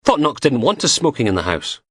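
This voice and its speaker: A man's voice: medium pitch, very animated, fairly quick, slightly rough, dry recording, pitched above the performer's own voice. A man voicing a blunt, chain-smoking female police inspector with a Scottish accent, dry and sardonic.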